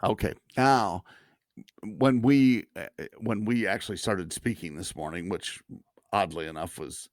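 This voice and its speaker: A man co-hosting a podcast in casual chat, talking in a halting way with many restarts and the odd chuckle. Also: fairly low pitch, no echo, clean studio sound. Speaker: podcast co-host.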